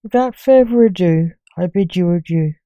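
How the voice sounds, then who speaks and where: A woman narrating a story in a calm, even reading voice. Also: fairly low pitch, normal speed, no room sound, highs cut off.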